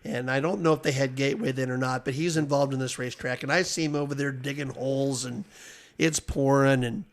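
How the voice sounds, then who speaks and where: A man on a podcast as guest, telling casual anecdotes with animated delivery and frequent chuckles. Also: mid-range voice, fairly quick. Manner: animated storyteller, chuckles often.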